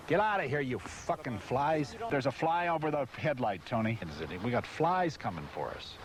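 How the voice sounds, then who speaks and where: A man's voice: mid-range voice, sing-song, normal speed, few pauses, slight background noise. A man presenting an industrial film, swearing constantly and exasperated as he keeps forgetting his lines on a hot studio set. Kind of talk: blown takes and outtakes on a film shoot. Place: hot studio set beside a car under bright lights.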